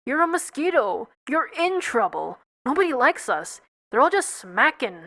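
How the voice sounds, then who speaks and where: Brash mosquito guy, played by a woman, streetwise slang, high bright voice, storybook reading. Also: big pitch swings, moderate pace, exaggerated voice. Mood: griping. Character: brash cynical male mosquito.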